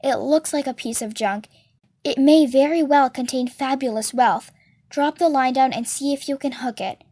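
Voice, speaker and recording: A woman's voice: high-pitched, normal speed, mellow, no room sound, clean studio sound. A woman voicing a small, bossy, brainy boy who gives orders in a grand, theatrical way. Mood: fierce.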